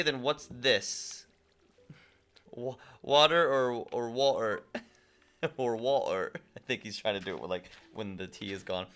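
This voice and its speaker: A man's voice: mid-range voice, sharp tone. A man hosting a casual gaming livestream, reading viewer chat messages aloud and chatting back. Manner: reads viewer chat aloud and replies conversationally. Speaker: livestream host.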